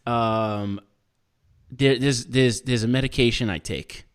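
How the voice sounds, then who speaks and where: A man's voice: mid-range voice, slow, clean tone. A man co-hosting a podcast, telling a story in casual chat, acting out what other people said, swearing and laughing often. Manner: animated, acts out other people's lines while telling a story. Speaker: podcast co-host.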